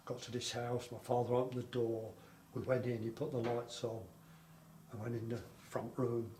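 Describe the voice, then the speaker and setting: A man's voice: mid-range voice, flat delivery, moderate pace, mellow. An older man being interviewed about his wartime childhood, telling his story in a rambling way with repetitions. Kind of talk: oral history interview. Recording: echoey room, faint background noise.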